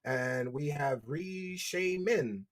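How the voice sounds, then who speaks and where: A man with a Philadelphia accent hosting a livestream, reading donations and mocking his subject with loud bursts. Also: fairly high pitch, animated, drawn-out words. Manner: mocking, loud bursts, reads chat aloud. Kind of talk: casual livestream commentary. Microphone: desk microphone.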